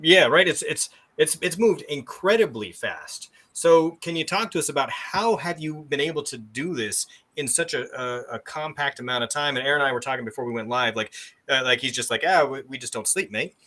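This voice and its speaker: A man hosting an online talk show, asking his guests questions in an animated, chatty way with frequent restarts. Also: mid-range voice, brisk. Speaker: podcast host. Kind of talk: casual interview questions.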